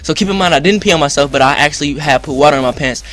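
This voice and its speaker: A young man rambling excitedly through a story to his viewers, full of slang and fillers. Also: a little high, very fast. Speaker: vlogger. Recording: music in background.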